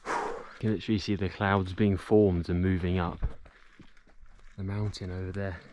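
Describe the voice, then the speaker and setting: A man's voice: low voice, flat delivery, moderate pace, noisy background. A man vlogging casually to camera as he hikes up a mountain outdoors, out of breath and chatting to his viewers. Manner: chatty, addresses viewers as guys. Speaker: travel vlogger. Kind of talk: casual vlog to camera while hiking.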